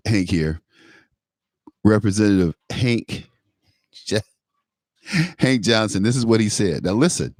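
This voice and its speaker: A man's voice: low-pitched, darkish tone, dry recording, clean studio sound. A man hosting a talk show, giving a political commentary monologue, emphatic and repetitive, often laughing at his own remarks.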